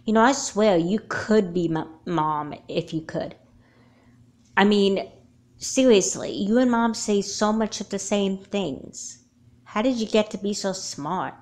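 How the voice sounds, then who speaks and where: A woman's voice: medium pitch, slow, a little mellow, natural voice. A woman voicing an earnest, chatty young girl in a homemade doll movie, talking in long explanations. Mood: musing.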